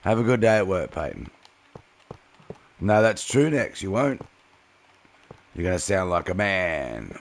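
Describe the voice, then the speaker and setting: A man's voice: deep voice, sing-song, a little slow, pauses often. A young man streaming a game, chatting casually and answering viewers' messages by name. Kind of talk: casual live-stream chat while gaming.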